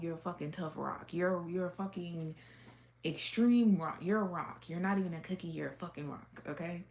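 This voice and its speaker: Woman reading cards for her viewers. Lowish voice, off-the-cuff delivery, blunt, swears freely, laughs often. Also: darkish tone. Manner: blunt and profane, with frequent laughs and fillers. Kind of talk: casual unscripted reading to camera.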